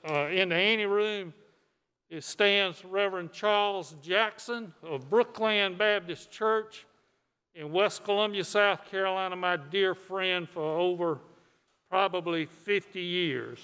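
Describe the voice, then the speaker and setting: Older man, state senator, formal floor speech, high-pitched, smooth, long chamber reverb. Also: bright, forceful tone. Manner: folksy, unhurried, with restarts. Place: large legislative chamber.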